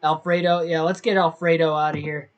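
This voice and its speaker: A man's voice: a little high, level tone, fairly quick, dull audio. A young man casually commentating his own livestream, thinking aloud and second-guessing himself as he talks to his viewers. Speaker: gaming livestreamer.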